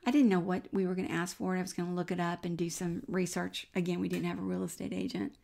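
Middle-aged woman, Christian speaker giving an earnest testimony, slight fry in the voice. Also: fairly low pitch, little pitch movement, fast talker. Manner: warm, earnest storytelling that drops to a near-whisper at times. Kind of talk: personal faith testimony, storytelling.

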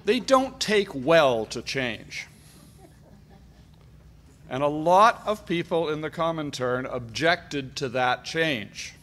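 A middle-aged man from Canada delivering an emphatic, deliberate political speech at a conference. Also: a little high, animated, a bit bright. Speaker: conference speaker.

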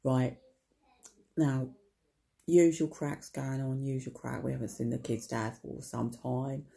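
A vlogger tells a wry, rambling comic story directly to the camera in a low, dark, gravelly voice. Her delivery is unhurried with fairly even intonation, and she chats along, swearing casually, tossing in tag questions and repeating her punchlines.

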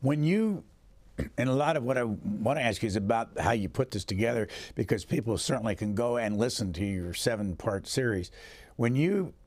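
A man hosting a podcast, asking measured, plain interview questions. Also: on the low side, a little mellow, dry recording.

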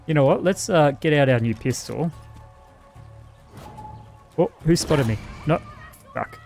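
A man's voice: on the high side, animated, a little slow, a little mellow, soft background music. A man with an Australian accent doing casual, profane let's-play commentary and talking back to the game's characters. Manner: casual, swears freely, chats to the game characters. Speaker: gaming host.

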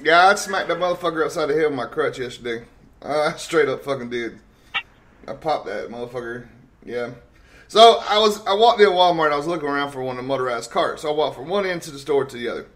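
A man's voice: fairly high pitch, expressive, fast talker, fairly bright tone, a little hiss or hum. A man hosting a casual talk show, telling profane, rambling stories and laughing often. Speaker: host.

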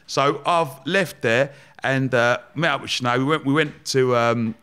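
A man's voice: mid-range voice, normal speed, sharp tone, clear, resonant tone. A man, a podcast guest telling rambling, laughing anecdotes with casual swearing. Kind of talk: casual storytelling interview.

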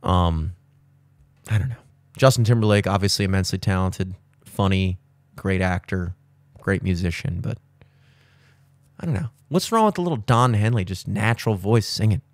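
Speaking at a moderate pace with long pauses, a podcast host in his thirties rambles casually, profanely and opinionatedly, his pitch jumping animatedly. The studio recording has no room sound.

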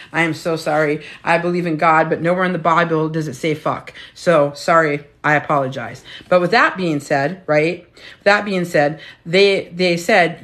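A blunt woman in her fifties talks straight at the listener like a coach fired up about her cause. She is profane and preachy, tossing in "right?" again and again. Her voice sits a little low for a woman. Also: fairly bright tone. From United States. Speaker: weight loss coach. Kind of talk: casual motivational talk.

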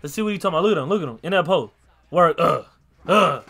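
A young man hosting a casual basketball reaction video, excitable and slangy, swearing and breaking into loud outbursts. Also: a little high, quick pace. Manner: slangy, repeats catchphrases. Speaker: YouTube reaction host.

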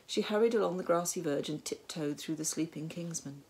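A woman narrating a storybook tale in a measured, wry way. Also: low-pitched, darkish tone, slight background noise. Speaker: audiobook narrator.

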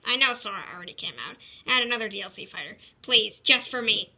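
A woman voicing a gravelly, bright plush toy. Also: on the high side, fast, exaggerated voice. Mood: pleading. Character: chatty plush toy character. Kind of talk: casual plush toy video chat. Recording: loud background noise.

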